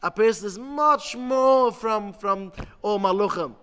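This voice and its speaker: A man, a rabbi giving an impassioned sermon, halting with many restarts. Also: high voice, a bit bright. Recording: long hall reverb.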